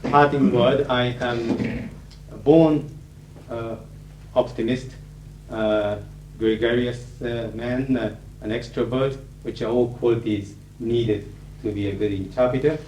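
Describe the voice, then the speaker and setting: A man's voice: medium pitch, fairly even intonation, slow, a little mellow. A middle-aged Japanese man speaking English with a Japanese accent, giving a humorous, anecdotal lecture as a conference interpreter, with frequent uh fillers. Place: lecture hall with audience. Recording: echoey hall, faint hiss, 1980s tape.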